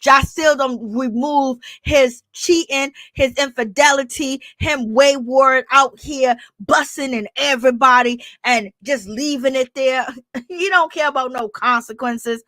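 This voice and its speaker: Woman, high voice, gossipy reality-show recap, dry close mic. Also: measured pace, no echo. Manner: animated, gossipy, acts out quotes in shrill crying voices. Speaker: reality TV commentator. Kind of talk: casual recap commentary.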